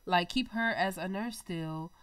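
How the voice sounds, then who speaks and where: A young woman hosting her own gaming channel, chatting excitably to viewers over gameplay while her nose is stuffy. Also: on the low side, unhurried, no room sound. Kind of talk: casual gameplay commentary.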